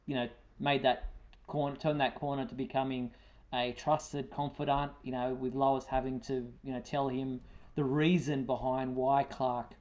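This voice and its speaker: New Zealand man, casual fan-show host, mid-pitched, talkative with fillers. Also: little pitch movement, moderate pace, darkish tone, dull audio. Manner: talkative, lots of fillers and restarts. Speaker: podcast host.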